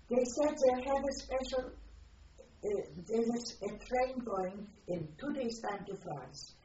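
An older woman from Poland, giving personal testimony in a reflective, halting way as she searches for words. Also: fairly high pitch, animated, a little mellow, a little hiss or hum. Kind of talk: personal testimony, recalled aloud. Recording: distant roomy lo-fi recording.

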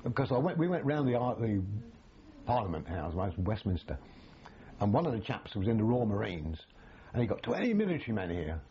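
An older man, recalling his army days in an animated, storytelling way, full of restarts. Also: on the low side, a little fast, lo-fi sound. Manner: animated, acts out quoted voices, frequent restarts. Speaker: army veteran interviewee. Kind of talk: storytelling reminiscence.

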